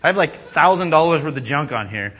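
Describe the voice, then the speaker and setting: Bright-voiced storytelling pastor. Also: male voice, a little high, a little fast. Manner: animated, self-mocking, acts out quoted voices. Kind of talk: storytelling sermon.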